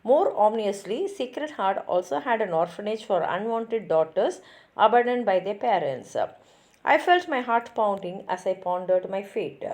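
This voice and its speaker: A woman reading a novel chapter aloud in a steady, expressive storytelling manner. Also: medium pitch, normal speed. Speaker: reader.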